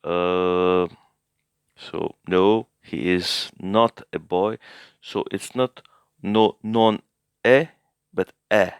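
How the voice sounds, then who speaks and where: A man with a deep, gravelly yet smooth voice gives a casual language lesson, pausing often as he thinks aloud and corrects himself. He speaks slowly, and the recording is close and dry. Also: fairly even intonation, no room sound. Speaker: language learner teaching a recap.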